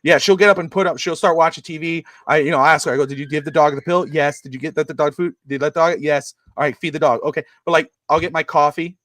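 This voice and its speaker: Fast-talking middle-aged man telling stories. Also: steady tone, fairly bright tone, no room sound. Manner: rambling storyteller, acts out quotes in high voices. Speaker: podcast co-host. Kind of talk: casual chat. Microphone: streamed podcast mic.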